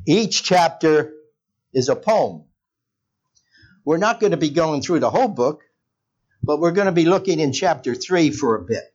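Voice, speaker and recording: A man's voice: fairly high pitch, animated, normal speed, long pauses, a little mellow, muffled recording. A man preaching a sermon in a church, talking with the congregation and putting questions to them. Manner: conversational, asks the congregation questions. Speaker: pastor.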